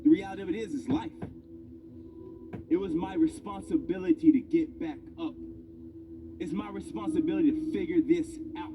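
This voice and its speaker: A man's voice: a little high, moderate pace, pauses often, recorded from a distance, noisy background. A man in his thirties giving a motivational speech, telling a personal story with emphatic, building delivery. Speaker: motivational speaker. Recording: speech over loud background music.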